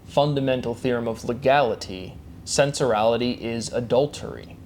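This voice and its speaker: A man's voice: medium pitch, a little mellow, slight background noise. A man giving a rambling solo monologue, speeding through repeated catchphrases and invented words, with frequent restarts. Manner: fast, repetitive wordplay with frequent restarts and coined words; chanted catchphrases. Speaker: solo presenter.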